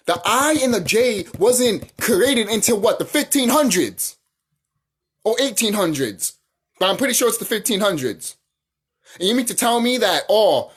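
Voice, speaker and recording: Husky, animated ranting vlogger. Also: mid-range voice. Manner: profane, heated, full of rhetorical questions; repeats phrases for emphasis. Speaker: channel host. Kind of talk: casual ranting monologue.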